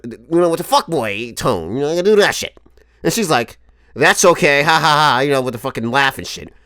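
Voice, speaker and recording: A man in his twenties telling a comic story to camera as a vlogger, animated and profane, often laughing. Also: mid-range voice, fast, no room sound, studio quality. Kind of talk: comedic storytelling monologue.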